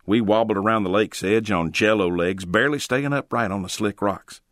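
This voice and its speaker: A man's voice: lowish voice, no echo, clean studio sound. A man narrating a first-person ghost story in a dramatic storytelling manner. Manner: dramatic, drawn-out storytelling with sudden shouted quotes.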